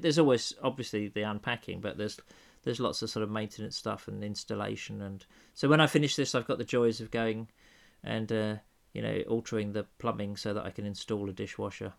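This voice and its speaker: A tired man hosts a relaxed podcast chat in a middle-pitched voice. He speaks with dry, wry humour and plenty of hesitant fillers. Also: creaky. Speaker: podcast host. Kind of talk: casual chat. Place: old house in England.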